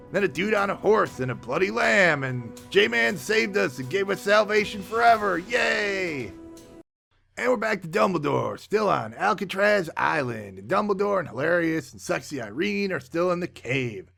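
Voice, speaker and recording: Male comic movie reviewer, very gravelly, slightly high, sarcastic and deadpan. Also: moderate pace, faint music behind.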